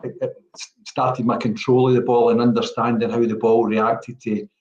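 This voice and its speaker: A man's voice: medium pitch, flat delivery, normal speed, darkish tone, reverberant, muffled recording. A Scottish man in his sixties from Glasgow, a former footballer telling rambling stories with many fillers in an interview. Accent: Glaswegian Scottish. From Scotland. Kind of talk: relaxed storytelling interview.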